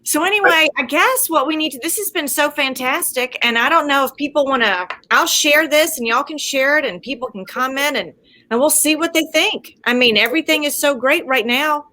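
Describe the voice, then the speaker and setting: A woman's voice: high voice, expressive, brisk, pushed and bright. A woman hosting a book festival livestream on a video call, gushing and effusive.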